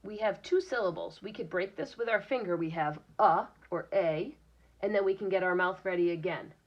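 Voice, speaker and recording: A woman's voice: lowish voice, normal speed. A woman teacher reading a picture book aloud to young children, patiently explaining words and sounding them out. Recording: dull lo-fi recording.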